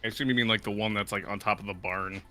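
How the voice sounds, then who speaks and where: A man's voice: fairly low pitch, fairly even intonation, fast talker, bright, forceful tone. A young man chatting casually over a voice call with a friend, laid-back and joking. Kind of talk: casual chat. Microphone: voice call microphone. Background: faint background music.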